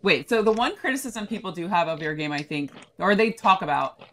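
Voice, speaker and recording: A woman's voice: lowish voice, expressive, fairly quick. A woman hosting a casual interview, chatty and asking pointed questions. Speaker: interview host.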